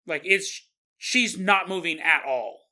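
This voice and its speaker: A man hosting a podcast who narrates a story in an animated way and acts out its characters. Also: high voice, takes it slowly. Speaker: podcast host.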